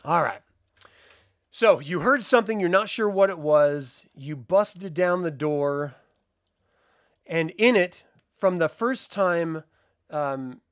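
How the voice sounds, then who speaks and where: A man's voice: fairly high pitch, expressive, takes it slowly, pauses often, no room sound, clean studio sound. A man narrating a tabletop game as game master, casual and chatty.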